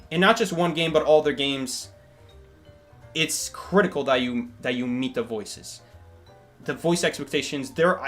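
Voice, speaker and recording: A young man streaming live, talking casually in a rambling, animated way that often corrects itself. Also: sits high. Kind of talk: casual livestream chat.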